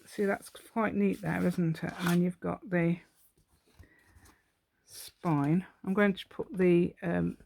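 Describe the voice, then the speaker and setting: A woman's voice: lowish voice, steady tone, takes it slowly, vocal fry, darkish tone, slight background noise. A woman hosting a step-by-step craft tutorial, chatting to herself and the viewer with rambling, giggly asides. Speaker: craft channel host.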